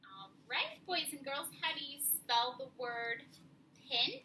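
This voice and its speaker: Young woman, classroom teacher, unhurried and encouraging, faint room hum behind her. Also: sits high, very animated, sharp tone, low-quality recording. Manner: slow, clear and encouraging, spelling out letters. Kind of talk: spelling lesson for young children.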